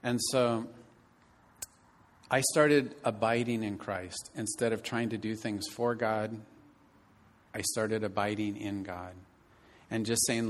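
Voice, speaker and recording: A man in his fifties preaching a sermon, telling a personal story earnestly and moving between loud emphatic lines and quiet ones. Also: on the low side, steady tone, takes it slowly. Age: 50s. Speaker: pastor.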